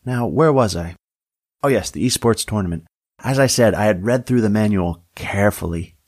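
A man's voice: on the low side, normal speed, a little mellow, no echo, clean studio sound, natural voice. A man voicing a fussy, health-minded young woman deputy who asks prim, persistent questions.

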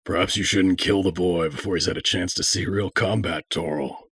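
A man's voice: a bass voice, normal speed, fairly bright tone, husky, no room sound, heavily acted. A man voicing a regal male general who speaks in a potent, stoic, dry manner.

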